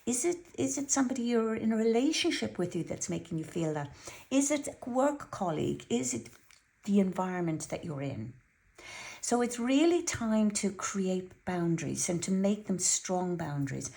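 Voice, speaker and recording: A woman's voice: medium pitch, very animated, moderate pace, gravelly, warm tone. A woman giving an earnest, chatty weekly tarot reading and telling a personal story, often repeating herself. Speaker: tarot reader.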